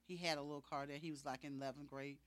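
A woman preacher telling a personal testimony in a sermon, animated and acting out the dialogue. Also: low voice, rapid-fire.

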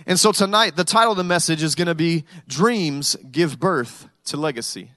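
A man's voice: a little high, normal speed, pushed and bright, no room sound. A male pastor preaching a sermon in a conversational way, with humorous stories.

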